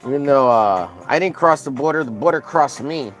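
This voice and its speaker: A man's voice: mid-range voice, animated, normal speed, soft background music. A man from Texas chatting casually with his live chat while drawing, rambling and joking crudely. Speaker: streamer.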